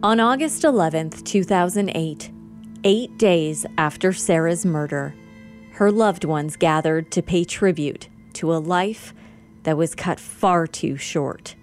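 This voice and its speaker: A woman host giving scripted true-crime narration in a measured, sober way. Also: on the low side, faint music behind.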